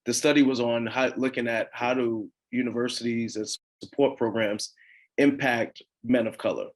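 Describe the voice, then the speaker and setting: A man in a middle register answers a question on a panel as a professor. He speaks in a measured, thoughtful way, pausing often with soft fillers between his thoughts. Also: mid-range voice, fairly even intonation. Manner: measured, with frequent "uh" and "um" pauses.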